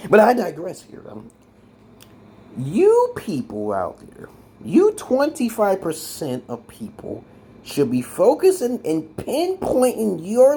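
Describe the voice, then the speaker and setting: A man of about fifty from Brooklyn, delivering a mocking, laugh-studded rant to his viewers that swings from loud outbursts to muttered asides. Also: mid-range voice, slight background noise. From Brooklyn, New York. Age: around 50. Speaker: social media commentator. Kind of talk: ranting monologue to viewers.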